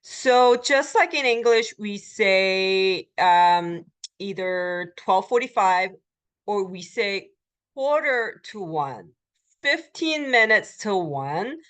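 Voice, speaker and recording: A woman lecturing as a Korean language instructor, explaining step by step with frequent ums and uhs and repeating phrases slowly for learners. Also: mid-range voice, lively intonation, fairly bright tone. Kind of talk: recorded college lecture.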